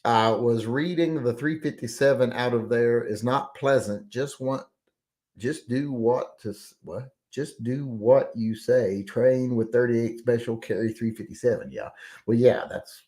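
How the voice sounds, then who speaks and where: A man hosting a casual live chat, reading out viewer comments and rambling between them with frequent fillers and throat clearing. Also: medium pitch, unhurried, mellow.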